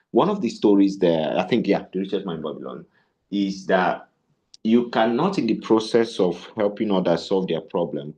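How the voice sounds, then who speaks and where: Deep-voiced man teaching sales. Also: dull audio. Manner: animated, storytelling with rhetorical questions. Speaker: tech sales trainer. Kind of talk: bootcamp lecture with storytelling.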